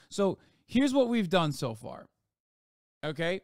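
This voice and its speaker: A man reacting on a livestream, talking in a sarcastic, profane rant. His voice sits fairly high for a man and comes through smooth and resonant. The sound is dry and close, with no room around it. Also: sing-song, takes it slowly, a little mellow, dry recording.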